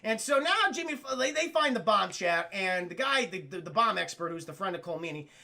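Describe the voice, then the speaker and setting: Man, live-stream film recap, gravelly, excitable, profane, talks to chat. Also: high voice, brisk. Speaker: streamer reviewing films live.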